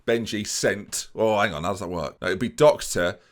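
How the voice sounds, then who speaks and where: A man's voice: on the low side, normal speed. A young man giving playful, jokey let's play commentary, constantly talking to his viewers as a gaming YouTuber.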